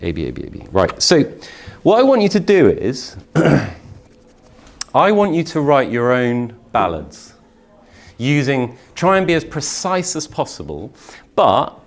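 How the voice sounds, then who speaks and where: A middle-aged man, a university English lecturer, leading a live poetry workshop in a chatty way with many restarts, slowing down to read verse aloud in a measured rhythm. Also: medium pitch. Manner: lively, chatty, with frequent restarts and fillers; reads verse slowly and rhythmically. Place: conference workshop room.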